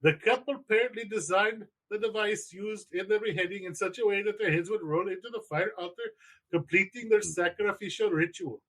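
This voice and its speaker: A man's voice: high-pitched, fairly quick, rough recording. A man co-hosting a casual podcast, telling stories with heavy swearing and reading a news article aloud. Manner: swearing, animated storytelling. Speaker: podcast co-host.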